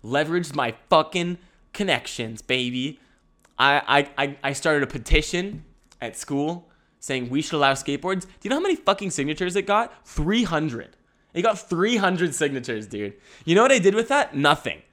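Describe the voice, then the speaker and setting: A man's voice: fairly high pitch, animated, normal speed, a bit bright. A young man telling a rambling comic story, swearing freely, laughing often and breaking into self-mocking asides. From Canada.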